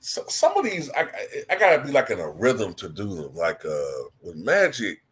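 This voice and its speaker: A man's voice: lowish voice, huge pitch swings, normal speed, a bit bright. A man hosting a casual online stream, rambling and repeating himself. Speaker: online show host. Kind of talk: casual livestream talk.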